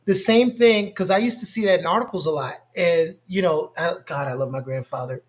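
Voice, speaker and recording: Animated storytelling man, medium voice. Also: on the high side, brisk. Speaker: co-host. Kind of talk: casual discussion.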